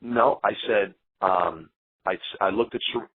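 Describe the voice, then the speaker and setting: Animated, defensive male interview guest, slightly low voice, phone line. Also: unhurried, slightly rough, no echo. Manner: animated, defensive storyteller acting out quotes. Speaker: interview guest, eliminated contestant.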